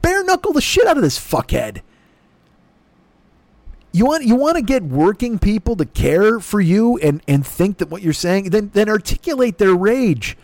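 An exasperated man rants with constant swearing, his voice swinging wildly up and down. He sits slightly high for a man, and the sound is dry and close with no room in it. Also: no room sound. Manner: animated, sweary, exasperated ranting. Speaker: podcast host. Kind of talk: profane comedic political rant.

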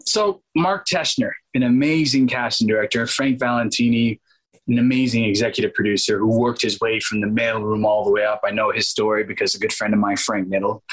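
A man in his thirties, an actor interviewed as a guest, telling stories in an animated way and acting out quotes. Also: lowish voice, husky, rough recording. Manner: animated, acts out quotes in changed voices, laughs often. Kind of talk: casual storytelling interview.

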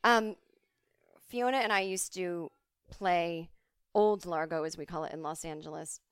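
A woman in her forties hosting a casual solo podcast from home, chatty and swearing freely with quick asides. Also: on the low side, clear, resonant tone, no room sound, clean studio sound. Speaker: podcast host.

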